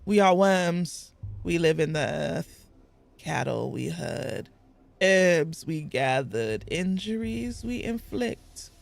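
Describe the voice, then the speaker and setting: A woman voicing solemn earth-dwelling folk from a game, reading their lines slowly and low like a ritual. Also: very animated, creaky, heavily acted. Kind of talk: reading game dialogue aloud.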